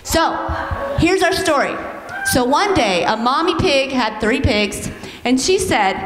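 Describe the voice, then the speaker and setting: A woman with a high, bright voice tells a story to a group of children at church, coaxing them to join in on cue. She speaks slowly and sounds echoey, from a distance in a large hall with long reverb. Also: slight background noise. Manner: animated, coaxing, leads children in call-and-response. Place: church sanctuary.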